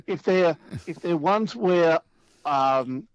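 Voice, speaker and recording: A man playing a radio quiz, hesitant and halting as he talks. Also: on the high side, no echo, dull audio. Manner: hesitant, halting, self-deprecating. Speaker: quiz contestant caller. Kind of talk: casual chat.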